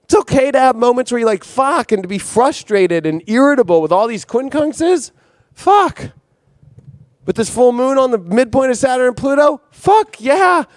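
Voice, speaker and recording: A man hosting an impassioned astrology monologue, intense and profane, circling back on his own phrases. His voice sits very high for a man. The sound is dry and close. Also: animated, fairly quick, few pauses, no echo. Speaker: astrologer host.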